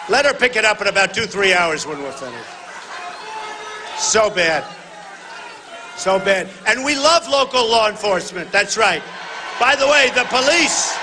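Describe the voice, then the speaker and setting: A man giving a campaign rally speech on a stage microphone in a large venue. He speaks emphatically in short repeated phrases, often shouting to the crowd and calling them folks. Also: high-pitched, animated, a little slow, pauses often, noisy background. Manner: talks directly to the audience, addressing them as folks. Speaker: political candidate speaking at a rally.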